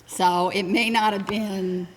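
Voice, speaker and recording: An older woman, a former state legislator, telling a story in a brisk, matter-of-fact way. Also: medium pitch, steady tone, in a large hall, a little hiss or hum. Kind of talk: oral history reminiscing.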